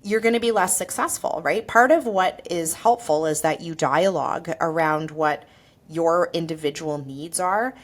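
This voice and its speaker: A woman's voice: on the low side, normal speed. A woman who is a naturopathic doctor and podcast host, talking alone in an earnest, conversational way and often checking in with "right?". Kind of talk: solo podcast monologue.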